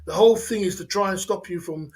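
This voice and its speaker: A man's voice: high-pitched, quick pace. A man hosting a livestream, talking casually and emphatically, repeating himself and laughing often. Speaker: livestream host.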